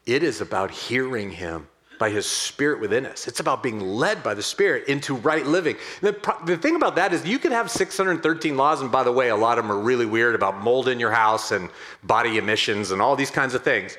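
Animated conversational male preacher. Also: medium pitch, a little fast. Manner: conversational, animated, swings between hushed and excited; addresses the congregation directly. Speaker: pastor. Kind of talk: sermon.

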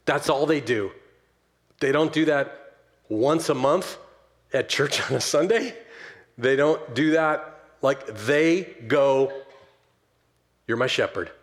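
A man preaching a sermon to his church as pastor, swinging from loud emphatic stresses down to soft, slow closing words. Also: on the high side. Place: church sanctuary.

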